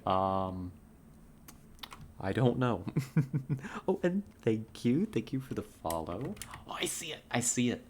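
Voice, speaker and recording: Laid-back Californian woman streamer on a headset, unhurried, faint keyboard typing behind. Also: rumbling low, sing-song, darkish tone, slight background noise. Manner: laid-back, giggly, chats with viewers. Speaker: game streamer. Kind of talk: casual live-stream chat.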